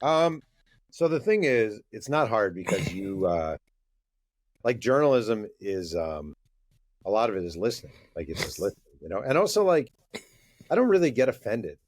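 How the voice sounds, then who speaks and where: A man from New York state, a guest author and journalist, talking in a relaxed conversational way with some hesitant fillers. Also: on the low side, normal speed. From New York state, USA. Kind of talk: casual interview talk.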